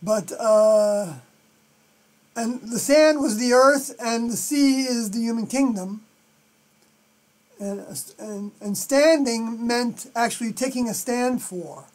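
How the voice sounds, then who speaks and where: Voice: medium pitch, slow pace. Rambling New York-accented stream host. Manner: rambling, thinking aloud, trails off softly. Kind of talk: livestreamed scripture commentary.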